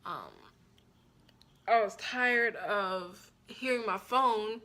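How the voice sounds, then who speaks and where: A young woman telling a personal story on her vlog in a frank, blunt and profane way, with an animated and expressive delivery. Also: medium pitch, drawn-out words. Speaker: vlogger.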